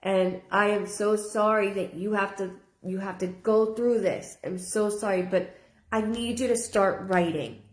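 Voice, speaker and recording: A woman's voice: medium pitch, steady tone, a little slow. Woman medium, earnest, repeats herself; live reading in a reverberant room. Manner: earnest, repeats phrases, relays a spirit's words in first person. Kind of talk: live-stream spirit reading.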